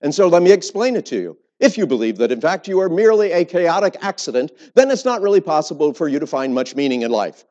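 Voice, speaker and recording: Male preacher, fairly high voice, emphatic, dry humor, church sermon, dull lo-fi sound. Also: very animated, fast talker, few pauses, darkish tone. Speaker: preacher and theology professor. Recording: muffled lo-fi sermon recording.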